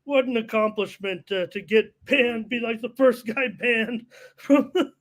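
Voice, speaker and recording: A man's voice: extremely high pitch, measured pace, fairly bright tone. A man co-hosting a casual live football stream, ribbing his friends playfully. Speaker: podcast co-host.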